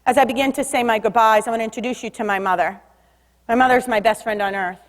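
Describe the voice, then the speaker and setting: Woman, high voice, energetic stage talk, long hall echo. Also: fast talker. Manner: lively, leads audience call-and-response. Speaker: speaker giving a talk on body language.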